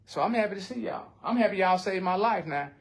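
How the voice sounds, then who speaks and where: A man's voice: high voice, animated, fast. An older man, speaking bluntly and with heart in a recovery support circle, often swearing. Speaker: recovery group member.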